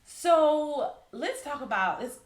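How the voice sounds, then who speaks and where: A woman hosting a podcast interview, framing her questions haltingly with stammered restarts. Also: sits high, lively intonation. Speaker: podcast host. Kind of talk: interview conversation. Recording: echoey room.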